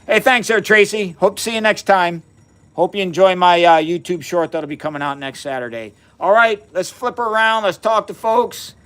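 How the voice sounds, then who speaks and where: A man's voice: sits high, moderate pace, fairly bright tone, smooth. Upbeat man in his fifties, livestream chat. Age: 50s. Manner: upbeat and folksy, greeting viewers by name. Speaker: science livestream host. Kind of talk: casual live-stream chat. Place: home basement.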